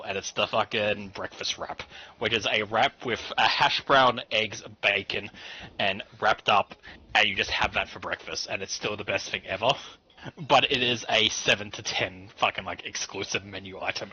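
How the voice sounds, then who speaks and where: Low guy with a really sharp tone, ranting and cussing, muffled stream sound. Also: moderate pace, husky. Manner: animated ranting, swears often. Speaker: guest on a stream. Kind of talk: casual chat. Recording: muffled stream audio with faint music.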